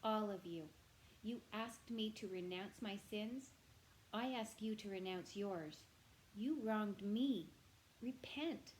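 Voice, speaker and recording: Brief: brave young storybook mouse, defiant and earnest, read by a woman, mid-pitched. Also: takes it slowly, a little mellow, slight background noise, lightly acted, rough recording.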